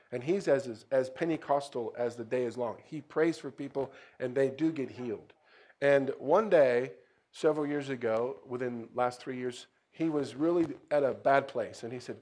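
A middle-aged missionary pastor with a mid-range voice tells a story during a sermon, lively and swinging into louder bursts.

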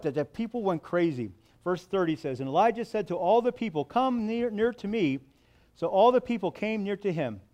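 Higher-voiced preacher. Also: male voice, a little mellow. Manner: asks the listeners questions and answers them himself. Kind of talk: sermon, reading scripture.

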